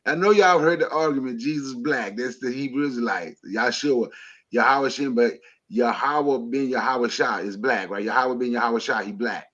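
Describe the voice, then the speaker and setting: A man tells a lively story over a call-in stream, laughing through it. His voice is mid-pitched and comes through a slightly dull, lo-fi line. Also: moderate pace. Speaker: caller.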